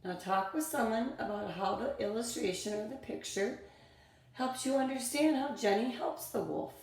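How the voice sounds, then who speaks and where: A woman teacher reads a story aloud and explains it patiently, one step at a time. Her voice has a gravelly, fry-edged texture. The sound is roomy and echoey. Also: fairly high pitch, moderate pace, a little mellow. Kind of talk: reading lesson for children.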